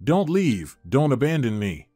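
A man voicing a grieving young man who speaks in a pleading, halting way. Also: medium pitch, big pitch swings, mellow, breathy edge, dry recording, faint music behind. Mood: desperate.

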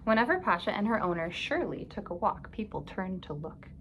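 A woman reads a picture book aloud to children at an even, middle pitch. She reads expressively and pauses to ask her listeners questions. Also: slight background noise, rough recording. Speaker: storybook reader.

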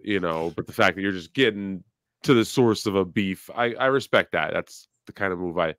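A man co-hosting a podcast, asking questions in a measured way. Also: deep voice, fairly bright tone, dry recording, studio quality. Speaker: podcast co-host. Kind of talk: casual chat.

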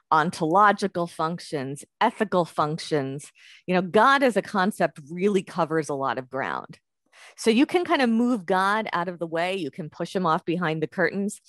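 A woman's voice: low voice, no room sound. A woman, giving an academic lecture in a conversational way, thinking aloud with fillers and restarts. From United States.

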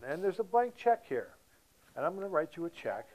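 A male comedy host ribbing his guest with crude, mocking banter. His voice is a little high and very animated in pitch. He sounds like he is on an indoor studio set. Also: brisk, low-quality recording. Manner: mocking, profane, teasing. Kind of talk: loud teasing banter.

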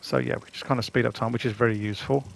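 Male games host, mid-range pitch, gravelly edge, chatty casual commentary. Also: steady tone, rapid-fire. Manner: chatty, rambling, self-deprecating. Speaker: gaming channel host.

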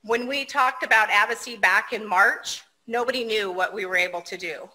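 A woman's voice: medium pitch, moderate pace, bright, forceful tone, rough recording. A woman, the outgoing association president, giving a personable, lightly self-deprecating speech over a video call.

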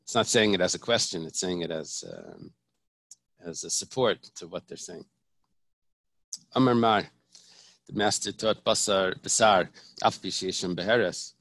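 A man's voice: on the low side, a bit bright, no room sound. A man, a rabbi, teaching a Talmud lesson. He explains each point step by step, often restarting and repeating phrases. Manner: explanatory, repeats and restarts, mixes Hebrew terms.

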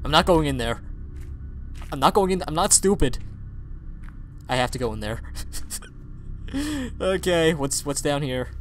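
A man's voice: on the high side, animated, a little slow, long pauses, a little hiss or hum. A man giving playful let's play commentary, reading game text aloud and pretending to be scared. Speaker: gamer.

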